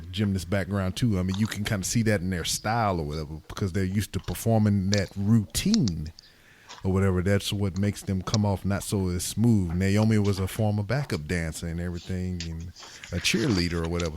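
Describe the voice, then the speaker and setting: A man hosting a podcast, telling stories in casual chat with lots of swearing and animated retelling. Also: sits low, brisk, noisy background. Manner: profane, animated storytelling. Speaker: podcast host.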